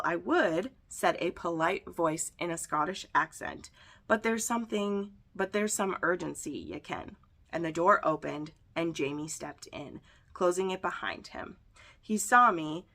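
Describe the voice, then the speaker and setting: Chatty woman book reviewer, gravelly and bright, reads excerpts aloud, casual recap. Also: on the low side. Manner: chatty, reads passages aloud and voices lines lightly.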